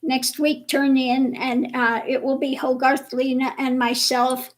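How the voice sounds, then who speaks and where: A woman hosting a casual livestream chat with viewers, slow and chatty, laughing often, with her voice a bit worn. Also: high-pitched, flat delivery, rough recording. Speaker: livestream host.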